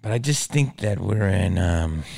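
A man hosting his own podcast, rambling in a casual, profane monologue that swings from mumbles to loud outbursts. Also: low voice, creaky, no echo. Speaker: podcast host.

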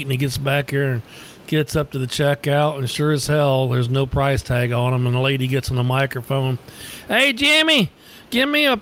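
A man's voice: mid-range voice, a little hiss or hum. A man co-hosting a casual podcast, telling crude jokes with a laugh in his voice. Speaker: podcast co-host. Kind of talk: casual chat, joke telling.

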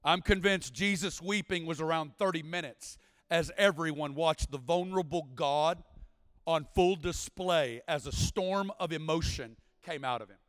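High-voiced impassioned preacher. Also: male voice, normal speed, no echo, long reverb tail. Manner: impassioned, builds to shouting and sing-song preaching. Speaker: guest preacher. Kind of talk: sermon. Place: church service.

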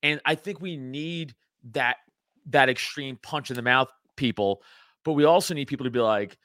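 A man hosting a podcast, talking bluntly and profanely and acting out quoted people in animated asides. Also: mid-range voice, moderate pace, dry recording. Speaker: podcast host. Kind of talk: casual podcast chat.

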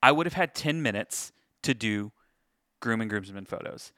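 Man co-host, bright voice, dry close mic, easygoing storyteller. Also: lowish voice, animated, normal speed, no echo. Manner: chatty, storytelling, says "dude". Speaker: podcast co-host, wedding photographer. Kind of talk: casual chat.

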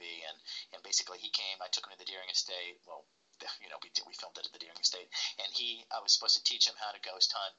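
A man's voice: low voice, pushed and bright, dull audio. A man working as a paranormal investigator tells stories in a casual interview, rambling with lots of "like" and "you know.".

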